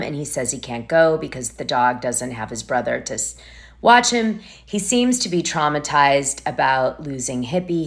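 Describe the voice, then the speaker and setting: A woman hosting a gossip channel, recapping reality TV in a chatty, rambling way. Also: sits low.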